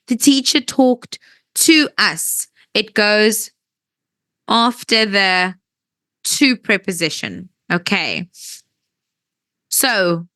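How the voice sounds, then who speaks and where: A woman teaching an English grammar lesson, patient and checking that everyone understands, her voice tiring and needing a throat-clear now and then. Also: a little high, a bit bright, no echo. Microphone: wears headphones.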